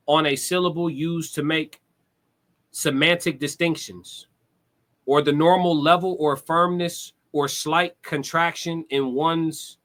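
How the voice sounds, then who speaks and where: A man's voice: on the high side, fairly bright tone. Laid-back, direct man chatting on stream. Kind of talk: casual livestream monologue.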